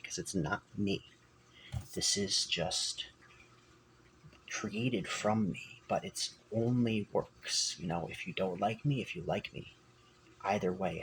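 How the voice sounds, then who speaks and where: A man's voice: deep voice, slight background noise, poor audio. A man talking on his own channel in a meandering, self-correcting way, sometimes dropping almost to a whisper. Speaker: channel host. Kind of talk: rambling personal vlog talk.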